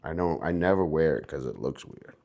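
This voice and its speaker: This young American streamer has a rumbling low, creaky, warm voice with lively intonation and a slightly fast pace. He keeps his casual livestream laid-back and rambling, punctuated by hyped, sing-song bits.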